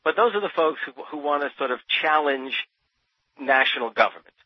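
With a fairly high pitch, lively intonation and a slightly fast pace, a New Jersey man who is an expert on Thomas Paine makes his case as a radio interview guest, speaking with passion and emphasis and frequently repeating words. The audio is dry, dull and lo-fi, typical of radio.

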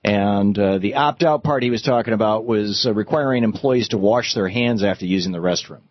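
A man hosting a political talk radio show, speaking in an animated, sarcastic way that climbs into outrage. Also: fairly low pitch, a little fast, no room sound, dull audio. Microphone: studio microphone.

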